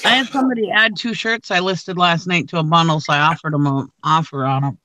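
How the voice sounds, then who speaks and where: A woman's voice: fairly low pitch, quick pace, pushed and bright, no room sound, rough recording. A woman co-hosting a casual chat, laid-back and a little hesitant.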